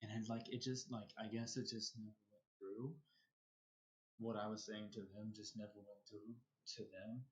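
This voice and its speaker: A man's voice: fairly low pitch, level tone, normal speed. A man livestreaming, telling a long story in a casual, rambling way and often restarting his sentences. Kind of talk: casual storytelling while streaming.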